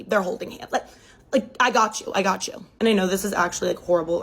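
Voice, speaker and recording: A woman's voice: medium pitch, poor audio. A woman telling a gossip storytime in a blunt, scathing, emphatic way.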